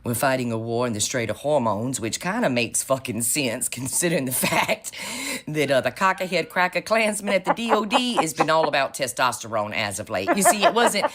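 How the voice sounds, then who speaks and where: A woman's voice: very deep voice, animated, brisk, a bit bright. A woman co-hosting a podcast, giving sarcastic, profane political commentary and calling people honey. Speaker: podcast co-host.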